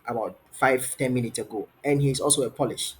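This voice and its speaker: A man's voice: mid-range voice, brisk, husky. A man teaching an online English trial lesson over a video call, encouraging and asking many questions, often repeating his phrases. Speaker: English tutor.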